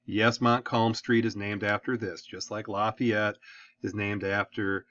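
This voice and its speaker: A man's voice: fairly low pitch, little pitch movement, a little slow, fairly bright tone. Chatty man giving a history lecture. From Detroit area. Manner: casual, chatty, asks "okay?" again and again. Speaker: history teacher. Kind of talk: recorded classroom lecture. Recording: dull, dry lo-fi sound.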